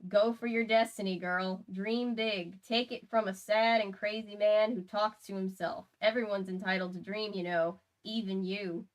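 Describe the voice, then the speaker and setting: A man's voice: high-pitched, steady tone, moderate pace, few pauses, dull audio, close to an everyday voice. Woman doing a folksy cowboy drifter man. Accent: American cowboy drawl. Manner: folksy, gentle. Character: sad eccentric older man, kind drifter.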